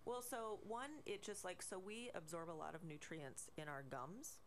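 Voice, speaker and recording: A woman guest on a radio talk show, explaining in a relaxed way with many fillers. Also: on the low side, moderate pace, a little hiss or hum. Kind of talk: casual radio chat.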